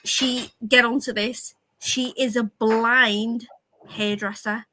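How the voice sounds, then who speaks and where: A woman chatting casually on a livestream panel, telling loud, sweary stories and laughing often. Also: on the high side, flat delivery, takes it slowly, a little hiss or hum, low-quality recording. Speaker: streamer panel guest.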